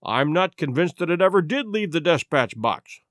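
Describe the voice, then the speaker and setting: A man voicing a calm, shrewd male detective who reasons in a measured, cool way. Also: fairly high pitch, no room sound, studio quality.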